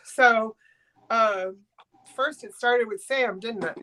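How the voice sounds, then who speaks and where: A woman hosts a live online makers' sale from home, talking casually to her viewers. Her voice is slightly high, and her manner is chatty and a little flustered. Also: slow, sharp tone. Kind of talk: casual live-stream auction chat.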